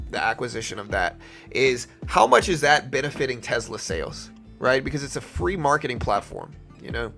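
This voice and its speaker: Young male stream host, light Louisiana accent, raspy fry, easygoing and chatty. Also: medium pitch. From Louisiana, USA. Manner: relaxed, conversational, answers chat questions. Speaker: livestream trading host. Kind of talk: casual live-stream commentary.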